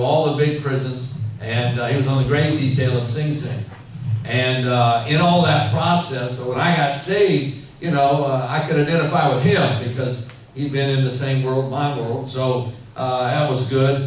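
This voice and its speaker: Preacher in a very echoey hall. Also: male voice, medium pitch. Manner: rambling, animated storytelling with many fillers. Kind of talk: sermon. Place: church hall. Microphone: handheld mic. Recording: echoey hall, mic heard from far off, faint noise.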